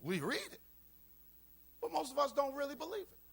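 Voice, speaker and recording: A man's voice: very high-pitched, very animated, brisk, vocal fry, fairly bright tone. A man pastor preaching a sermon, repeating key lines for emphasis. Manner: preaching with call-and-response emphasis and repetition.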